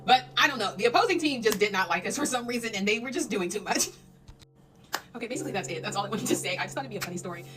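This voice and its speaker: A young woman from Oklahoma telling a casual storytime in an animated, chatty way, laughing often and filling her talk with fillers. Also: mid-range voice, rapid-fire, music in the background.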